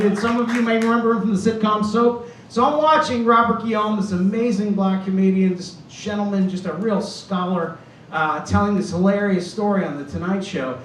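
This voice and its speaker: A man's voice: sits high, slight background noise. A man in his fifties from Boston doing a stand-up set on a club stage, rambling and self-deprecating. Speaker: stand-up comedian. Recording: roomy club, from far off.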